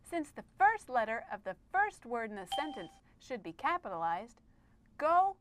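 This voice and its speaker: A woman's voice: on the high side, very animated, moderate pace, background noise. Erica Exclamation, a bubbly exclamation-mark pal played by a woman. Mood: excited. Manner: eager, cheerful, exclaiming. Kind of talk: children's educational puppet skit.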